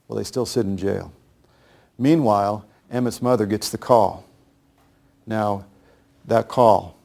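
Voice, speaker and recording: A man tells a grim true story to his listeners, grave and deliberate. His voice sits fairly low, with a gravelly fry running through it. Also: darkish tone. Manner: grave, measured storytelling with acted quotes. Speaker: speaker recounting history. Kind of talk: storytelling lecture.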